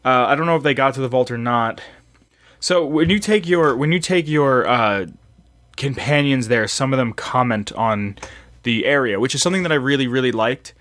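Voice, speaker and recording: A man's voice: mid-range voice, normal speed, a bit bright, no echo. Dry-sounding man hosting a casual podcast. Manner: reads game facts aloud, loose and swearing. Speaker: podcast host.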